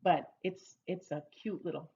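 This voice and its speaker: A woman teaching English idioms in a slow, repetitive lesson, playfully drawing out each phrase for learners to repeat. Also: on the low side, fairly even intonation, dark tone, muffled recording. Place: Oregon.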